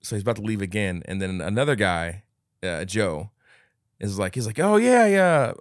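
A man's voice: sits low, normal speed, no echo, studio quality. A man co-hosting a podcast, telling stories in casual chat, swearing often and acting out the people in them. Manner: animated, swears a lot, acts out the people in his stories. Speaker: podcast co-host.

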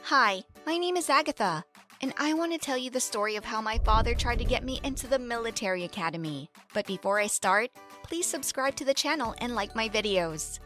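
A young woman narrates a first-person story in a lively, expressive way, her bright, slightly high voice moving fairly quickly. Quiet music runs underneath her narration.

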